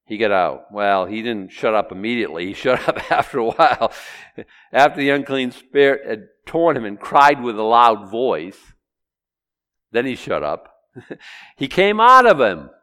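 A middle-aged pastor preaching an expository sermon, animated, acting out Bible voices and quizzing his congregation. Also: on the low side, normal speed, clear, resonant tone. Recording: long hall reverb.

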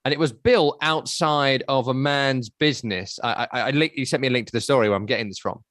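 A man's voice: mid-range voice, fairly quick, fairly bright tone, no echo, studio quality. A man in his thirties co-hosting a podcast, chatting casually and telling stories with self-deprecating asides. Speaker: podcast co-host. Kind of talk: casual chat.

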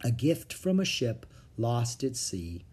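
A storybook reader voicing Annie, a brave, eager young girl, in an earnest, soft-spoken way. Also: medium pitch, very animated, slow, breathy edge, full character voice.

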